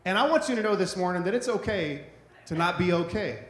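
High-voiced pastor in an echoey room. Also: male voice, expressive, a little fast. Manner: conversational, repetitive, asks "right?" often. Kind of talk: sermon.

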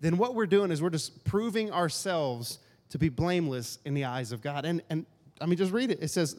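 Joking pastor preaching in a reverberant hall. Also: male voice, on the high side, expressive, a little fast. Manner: joking, conversational, acts out grumbling asides. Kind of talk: casual sermon.

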